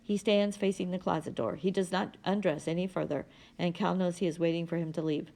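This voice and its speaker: A woman reading a novel aloud in a steady, plain manner. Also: fairly low pitch, brisk, gravelly. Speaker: audiobook reader.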